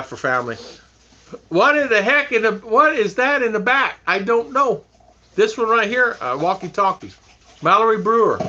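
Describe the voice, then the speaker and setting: A man hosts a casual live stream, greeting viewers by name and laughing easily as he talks. His voice is bright and slightly high, with a lively, bouncing pitch. The sound is dull and lo-fi. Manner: chatty, laughs often, reads viewer names aloud. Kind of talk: casual live stream chat reading comments. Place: home in the Philippines.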